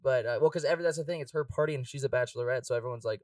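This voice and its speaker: A young man telling a party story in casual chat, profane and quick, laughing often and acting out quotes. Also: medium pitch, steady tone, no echo, far from the mic.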